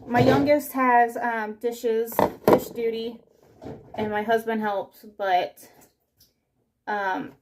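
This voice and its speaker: A young woman chats in a casual, scatterbrained ramble, cutting herself off and circling back, slightly out of breath from moving around. Her voice sits somewhat high. The home kitchen recording carries steady noise and clicking sounds. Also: slow, pauses often. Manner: rambling, self-interrupting, scatterbrained. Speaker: vlogger. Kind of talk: casual chat while doing chores.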